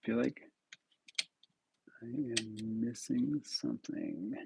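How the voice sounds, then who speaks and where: Building on a live stream, this New York state man talks casually with his viewers and mutters to himself between pieces. His mid-range voice is gravelly and very animated but slow, with a noisy background behind him.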